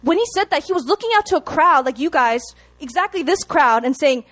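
A young woman preaching a sermon to a congregation, chatty and animated, often checking in with the room. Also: high voice, brisk, hardly any pauses. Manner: animated, chatty, laughs at herself, asks the room to respond.

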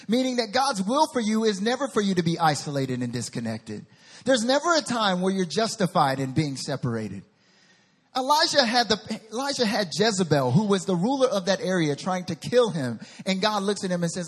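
A man preaching a sermon as a pastor, animated and acting out scripture voices. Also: sits high, brisk, big-room sound.

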